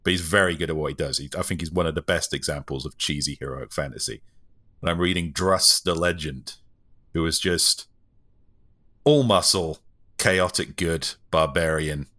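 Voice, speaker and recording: A man's voice: very deep voice, normal speed, bright, forceful tone, dry recording. A man co-hosting a podcast, telling stories in a dry, joking way. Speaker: podcast co-host. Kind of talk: casual chat.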